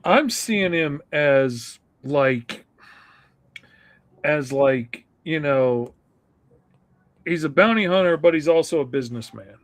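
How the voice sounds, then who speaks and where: Slow, halting man co-hosting. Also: on the high side, animated. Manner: halting, hesitant, searching for words. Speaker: co-host. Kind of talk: casual live-stream chat.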